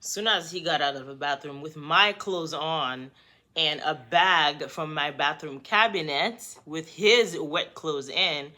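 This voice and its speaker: A woman vlogger telling a story in a lively, conversational way, talking straight to the viewer. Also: deep voice, slow. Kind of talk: storytime vlog.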